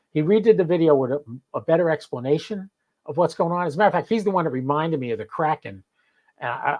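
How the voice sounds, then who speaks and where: A man's voice: on the high side, dark tone, rough recording. Chatty New man ranting. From New Jersey. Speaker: host. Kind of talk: live podcast chat.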